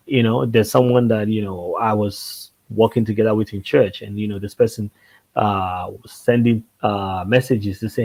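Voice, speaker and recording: A man talking as a panelist in a casual discussion, animated, repeating phrases and checking in with his listeners. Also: on the low side, moderate pace, rough recording. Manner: animated, repeats phrases and asks "see what I'm saying?".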